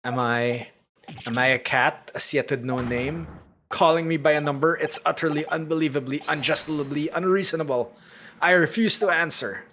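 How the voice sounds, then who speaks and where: A man's voice: a little high, moderate pace, pushed and bright, a little hiss or hum, voice pushed up. Man doing a gushing theatrical young scholar. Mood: indignant. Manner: theatrical, grandly wordy. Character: excitable young male scholar, dramatic, alliterative.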